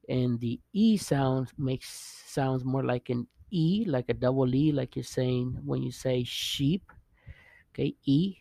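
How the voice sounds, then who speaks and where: A man's voice: mid-range voice, vocal fry, warm tone, no echo. A man teaching a casual video language lesson, patiently repeating sounds and checking in with the viewer. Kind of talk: casual vlog-style lesson.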